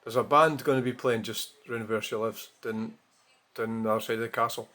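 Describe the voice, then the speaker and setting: A man's voice: medium pitch, fairly even intonation, fairly quick, pushed and bright. Rambling man, blunt and sweary. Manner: rambling, frank, frequent swearing and self-corrections. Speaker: vlogger. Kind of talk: casual monologue.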